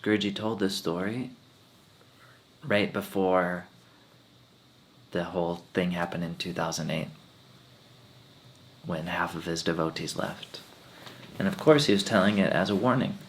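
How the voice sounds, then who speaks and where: A man who is a monk and spiritual teacher, telling a story at a satsang in an animated, emotional way. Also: low-pitched, a little hiss or hum.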